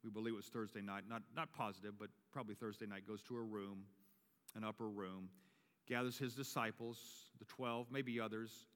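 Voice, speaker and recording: A man's voice: on the low side, steady tone, moderate pace, a bit bright. A male pastor giving a sermon and leading communion. He builds to emphatic preaching and repeats his key phrases. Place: church sanctuary. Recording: long reverb of a large church.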